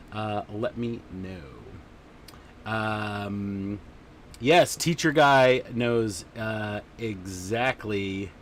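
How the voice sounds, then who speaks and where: A man's voice: lowish voice, a bit bright, a little hiss or hum. A man hosting a casual livestream chat, rambling along with lots of fillers. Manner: rambling and chatty, many fillers. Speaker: podcast host.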